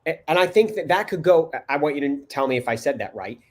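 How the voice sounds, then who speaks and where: A man hosting a parenting talk show, speaking casually and haltingly, repeating words as he goes. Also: fairly high pitch, expressive. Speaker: podcast host.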